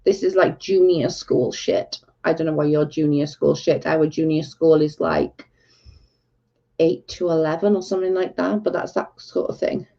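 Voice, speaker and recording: A woman's voice: sits low, fairly even intonation, normal speed, creaky, warm tone. A woman hosting a casual livestream, ranting in exasperation and saying "like" a lot. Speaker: livestream host. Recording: dull lo-fi stream audio.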